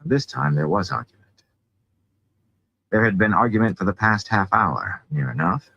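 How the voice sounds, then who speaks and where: A man with a low, husky voice reads a fantasy novel aloud, his pitch rising and falling expressively. The sound is dull and lo-fi, as from a simple home microphone. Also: lively intonation, moderate pace, bright, forceful tone, dry recording. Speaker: audiobook reader.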